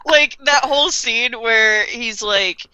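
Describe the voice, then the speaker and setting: A woman's voice: a little high, extremely slow, bright, forceful tone, smooth, dry recording. A woman co-hosting a podcast, chatting casually and laughing as she acts out characters' lines while recapping an anime. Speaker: podcast co-host.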